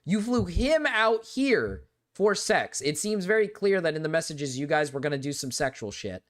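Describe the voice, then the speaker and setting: A man's voice: fairly high pitch, sing-song, moderate pace, a bit bright. A young man hosting a live stream, talking casually in a rambling, exasperated way, full of "like" and repeated words. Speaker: livestream host.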